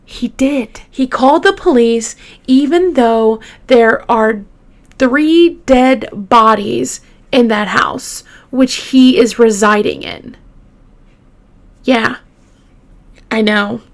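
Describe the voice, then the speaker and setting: Slow, chatty woman telling true crime. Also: on the high side. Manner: chatty, emotional, addresses listeners directly. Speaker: true crime podcast host. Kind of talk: casual true crime storytelling.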